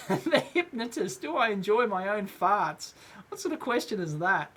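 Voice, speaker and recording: A man's voice: high voice, sing-song, measured pace, fairly bright tone. A middle-aged Australian man hosting a casual live question-and-answer show, rambling with many fillers and frequent chuckles. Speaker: host.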